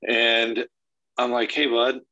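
A man in his thirties, a podcast guest, tells a long family story in casual chat, cursing freely and acting out the lines he quotes in a profane, animated retelling. His voice is mid-range and slow. The recording has no room sound and the highs are cut off.

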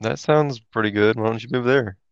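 Man from Florida, casual voice-chat guy, smooth but fry-heavy, dry close sound. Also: mid-range voice, a little fast, no room sound, highs cut off. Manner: laid-back, teasing, says bro. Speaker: chat participant.

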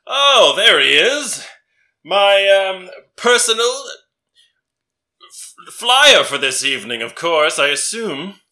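A man's voice: high voice, big pitch swings, takes it slowly, long pauses, sharp tone, voice pushed up, full character voice. A man voicing a vain, pompous man who talks in a grand, self-admiring way. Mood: haughty. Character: vain, pompous adult man lounging poolside.

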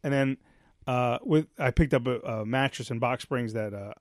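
A man's voice: mid-range voice, moderate pace, no echo, clean studio sound. A man co-hosting a podcast, telling long rambling stories in casual chat and acting out what people said. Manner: rambling storyteller, acts out quotes. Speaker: podcast co-host.

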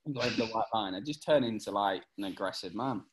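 A man's voice: lowish voice, fast. A man, a former footballer, telling stories on a casual podcast and laughing often.

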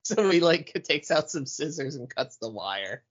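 A man's voice: a little high, expressive, moderate pace, husky. A man co-hosting a podcast, chatting casually about a comedy film, swearing freely and searching aloud for lines. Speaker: podcast co-host. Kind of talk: casual movie recap chat. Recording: dull lo-fi sound.

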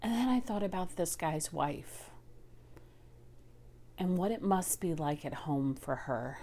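A woman whose partner is a recovering alcoholic opens up in a raw personal monologue about his addiction. Her voice is fairly low, mellow, slow, and animated, shifting between intimate whispers and anguished outbursts, with plenty of swearing.

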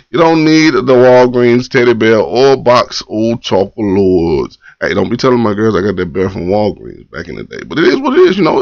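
A gravelly, mid-range male voice comes from a morning poetry live stream where the host loosely chats in slang, says hi to viewers, and reads out comments, often repeating phrases. No room sound comes through, only dull lo-fi audio.

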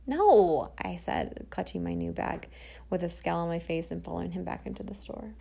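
A woman telling a personal story about her brother, playful and lively, acting out the dialogue. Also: fairly low pitch, normal speed, creaky, slightly rough.

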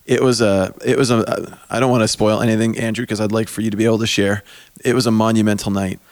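A man hosting a podcast with a joking, rambling manner, his voice going hoarse, talking into a microphone in a small basement. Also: on the low side, fairly even intonation, quick pace, no echo. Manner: joking, rambling, self-mocking. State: losing his voice. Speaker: podcast host. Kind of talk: casual podcast chat. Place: small basement corner at a camp. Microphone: studio microphone.

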